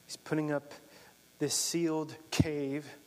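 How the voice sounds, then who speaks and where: A man's voice: a little high, flat delivery, takes it slowly, in a large hall. A man preaching a sermon, earnest, reading scripture aloud and explaining it. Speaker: pastor.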